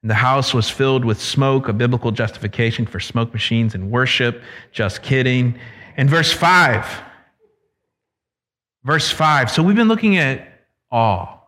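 A man preaching an expository sermon, swinging from loud emphasis to hushed low drops, with casual asides mixed into the teaching. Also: expressive, unhurried. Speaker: pastor.

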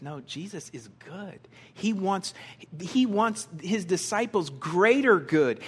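Man preaching a sermon, pretty animated, voice a bit high for a guy, goes loud for emphasis then hushed when praying. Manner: animated, emphatic, with soft prayerful drops. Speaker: pastor.

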